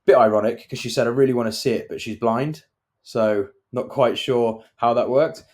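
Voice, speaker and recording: A man's voice: mid-range voice, moderate pace, a little mellow. A man co-hosting a property podcast, telling anecdotes in casual chat and acting out the people he quotes. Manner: anecdotal storytelling, acts out quoted voices. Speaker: podcast co-host, property developer.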